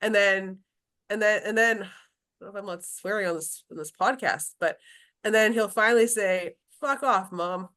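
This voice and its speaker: A woman's voice: medium pitch, normal speed, a bit bright. A woman who works as a grief specialist, talking casually in an interview with many restarts, fillers and laughs.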